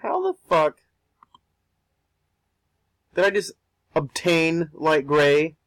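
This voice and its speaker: A man's voice: on the high side, very animated, extremely slow, no room sound, low-quality recording. A young man chatting casually while he draws, rambling and repeating words and swearing offhandedly. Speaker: art streamer. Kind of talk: casual talk while drawing.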